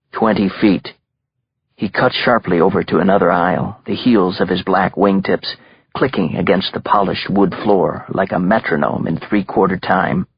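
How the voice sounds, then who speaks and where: A man narrating a thriller audiobook in a measured, grim storytelling manner. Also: sits low, breathy edge, highs cut off.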